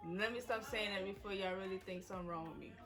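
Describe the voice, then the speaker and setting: A woman's voice: mid-range voice, fast talker, over music. A woman in her twenties, a vlogger, candidly telling her story to viewers in a chatty way. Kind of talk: emotional story time to viewers.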